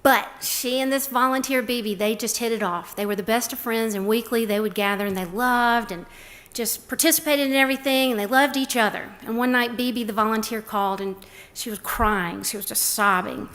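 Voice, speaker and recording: A woman's voice: fairly high pitch, steady tone, brisk. A middle-aged woman giving a prepared talk, telling stories and acting out the quoted lines. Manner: warm, storytelling, acts out quotes. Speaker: speaker on a respite care program.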